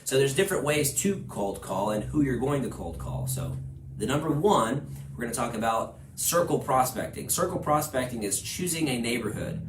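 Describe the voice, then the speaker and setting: A man from Houston leads a class for agents, talking with energy and slipping into quick acted-out dialogues. His voice sits at an ordinary middle pitch. The room is echoey, with faint ambience behind him. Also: noisy background. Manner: energetic, acts out quoted conversations. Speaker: real estate trainer. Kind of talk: class lecture.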